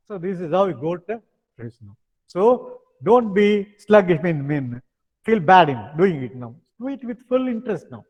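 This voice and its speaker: A man's voice: high-pitched, sing-song, normal speed, big-room sound, highs cut off, faint music behind. A man with an Indian English accent, teaching a yoga lesson in an insistent way and repeating his points. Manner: insistent, repeats words like "now" and "understand". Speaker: yoga instructor. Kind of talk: online yoga lesson with demonstrations.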